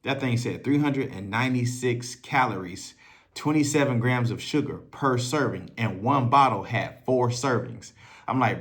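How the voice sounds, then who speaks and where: A man's voice: mid-range voice, moderate pace. A man in a casual, profane storytelling monologue, talking loosely and conversationally as a self-improvement coach. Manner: loose, profane and conversational, acting out others' voices.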